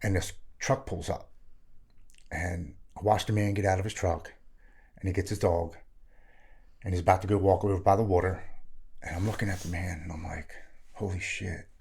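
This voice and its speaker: A man's voice: deep voice, steady tone, moderate pace, creaky, long pauses, darkish tone, breathy edge. A man, frankly telling his own recovery story as a podcast guest. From Maryland. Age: 40s. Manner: earnest, frank, plain-spoken. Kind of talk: candid personal storytelling.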